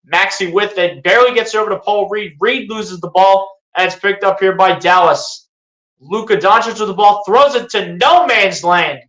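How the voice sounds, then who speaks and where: An excitable fan calls live basketball play-by-play in a bright, forward, mid-range voice at normal speed, echoing through a roomy space. His calm calls keep breaking into sarcastic rants and pleading outbursts.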